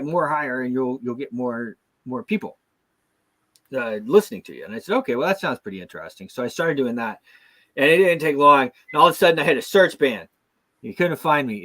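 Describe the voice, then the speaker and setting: A middle-aged American man hosts a loose, chatty show. His voice sits a little high for a man, and he rambles along, restarting sentences and dropping fillers. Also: a bit bright. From United States. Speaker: show host. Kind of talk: casual chat.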